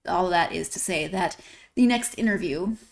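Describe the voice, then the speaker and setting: A woman's voice: lowish voice, normal speed, gravelly. A woman hosting a book podcast, signing off in a chatty, rambling way and laughing at herself now and then. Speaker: podcast host. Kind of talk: casual solo podcast sign-off.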